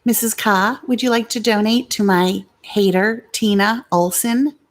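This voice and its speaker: A woman's voice: mid-range voice, fairly even intonation, unhurried. A middle-aged woman hosting a casual livestream, blunt and confrontational with commenters, swearing freely. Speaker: livestream host.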